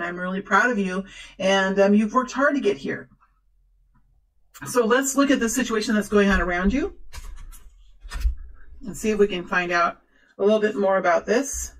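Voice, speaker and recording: A woman's voice: mid-range voice, poor audio. A woman giving a casual tarot reading to her viewers, talking in a chatty, rambling way with many fillers and restarts, and speaking encouragingly. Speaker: tarot reader.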